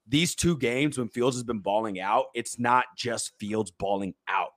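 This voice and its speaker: A man co-hosting a casual sports podcast, excited and quick, often repeating himself. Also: mid-range voice, no echo, studio quality. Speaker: podcast co-host.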